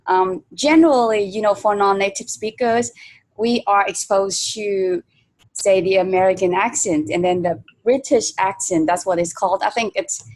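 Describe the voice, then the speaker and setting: A woman's voice: mid-range voice, normal speed, a little mellow. Woman hosting an interview. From Vietnam. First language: Vietnamese. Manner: thoughtful, uses many fillers. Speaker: host. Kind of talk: interview conversation.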